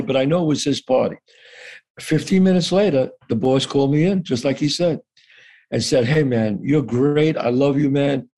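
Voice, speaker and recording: Sitting a little high in pitch, a guest actor's voice carries a lively, loose story from his own life. He acts out the people he quotes and swears without hesitation in this casual storytelling.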